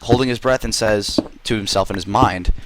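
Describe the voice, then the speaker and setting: A man's voice: on the low side, normal speed, noisy background. A man telling a rambling, silly story to friends in a game voice chat, full of fillers and swearing.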